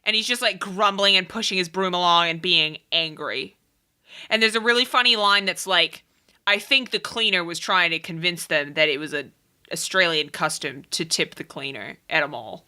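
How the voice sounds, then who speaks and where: A woman's voice: on the low side, sharp tone, clean tone. A woman co-hosting a podcast, recapping a book in casual chat with a playful, teasing manner. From outside America. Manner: playful, teasing, quick to laugh. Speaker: podcast co-host.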